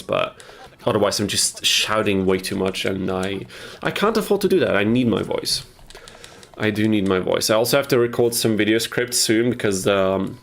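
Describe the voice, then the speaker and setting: Gravelly low-voiced young man streaming a game. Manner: chatty, reads and answers chat while playing. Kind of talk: live game stream chat. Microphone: headset.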